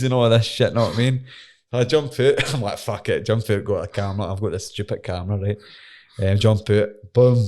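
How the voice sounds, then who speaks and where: A man's voice: lowish voice, darkish tone. A young Scottish man, an MMA fighter, telling a story in casual, sweary conversation and laughing as he goes. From Scotland.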